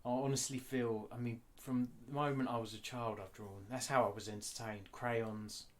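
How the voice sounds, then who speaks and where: A man talking candidly in an interview, blunt and animated, swearing freely. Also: medium pitch, moderate pace. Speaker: guest artist.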